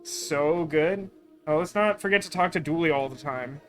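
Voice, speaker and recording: A man's voice: a little high, moderate pace, music in the background. A man hosting a let's play, chatting casually and rambling with lots of fillers while he plays. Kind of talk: casual gameplay commentary.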